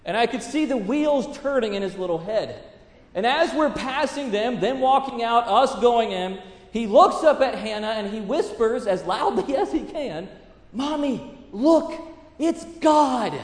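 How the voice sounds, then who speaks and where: A pastor in his thirties preaches a sermon in a very high-pitched, expressive voice at a moderate pace. He's earnest and weaves in stories about his family. Echoey hall reverb fills the recording.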